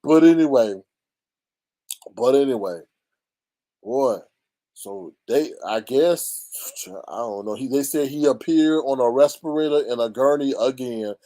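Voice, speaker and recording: A man hosting a casual gossip commentary, animated and mocking, often jumping into high squeals. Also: measured pace, long pauses, dry recording. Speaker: YouTube commentary host.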